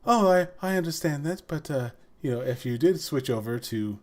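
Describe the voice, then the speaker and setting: Brief: pushy posh British phone salesman, smooth patter, a man doing the voice. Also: fairly high pitch, animated, moderate pace, darkish tone, lightly acted. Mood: salesy. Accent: put-on posh British.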